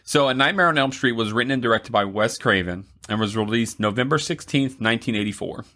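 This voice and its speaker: A man's voice: medium pitch, fast talker, sharp tone. A man co-hosting a podcast in casual chat, easygoing and teasing, reading out film facts. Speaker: podcast co-host.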